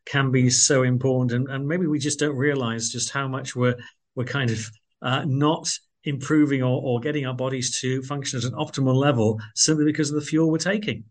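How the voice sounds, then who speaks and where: A man's voice: mid-range voice, steady tone, a little fast. Effusive radio host, man. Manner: effusive, filler-heavy. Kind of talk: radio interview hosting.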